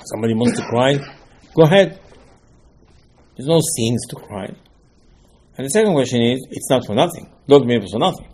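A man teaching a Torah class, animated and full of rhetorical questions, voicing the listener's protests. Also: mid-range voice, moderate pace, long pauses. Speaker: rabbi teaching Talmud.

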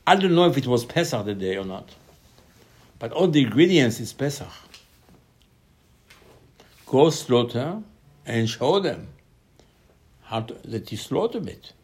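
A man giving a Torah class sermon, animated, asking and answering his own questions, with sudden loud emphasis on key lines. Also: medium pitch, a little slow, pauses often. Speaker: Torah teacher.

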